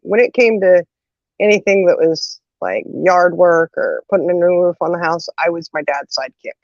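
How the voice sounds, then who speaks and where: On the low side and at a normal speed, a woman hosts a casual conversation, recounting a humorous family story. She's animated, laughing often and acting out quotes. The sound is dry, dull, and lo-fi.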